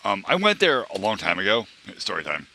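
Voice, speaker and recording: A man's voice: on the low side, wildly swooping pitch, brisk, bright, forceful tone. A young man streaming, telling a long story casually to his chat, rambling with many fillers and restarts. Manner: quotes others in raised voice.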